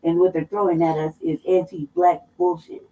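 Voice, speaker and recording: A woman's voice: fairly low pitch, flat delivery, normal speed, warm tone. A woman from Colorado co-hosting a casual political talk show, blunt and emphatic, swearing heavily as she makes her points. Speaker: co-host. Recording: dull, somewhat distant mic.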